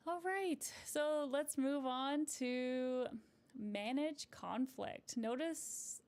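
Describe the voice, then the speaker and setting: A woman couples therapist giving live advice and answering viewer comments, gentle and encouraging, often checking in with a "right?" at the end of a point. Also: high-pitched, extremely slow.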